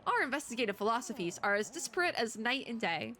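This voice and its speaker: A courteous, reflective border collie detective from a video game speaks in measured, proper phrases, as a woman reads his lines a little lower than her own bright voice. The tone stays lively in pitch and clear. The delivery is more storybook reading than full acting. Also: full character voice. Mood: earnest. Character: formal, thoughtful male border collie detective. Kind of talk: reading game dialogue aloud.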